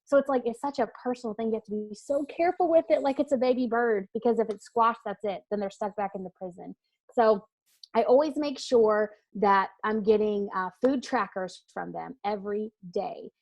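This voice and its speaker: A woman's voice: mid-range voice, moderate pace, a little mellow. A woman weight-loss coach answering interview questions in a casual, earnest, emphatic way, with frequent fillers and restarts.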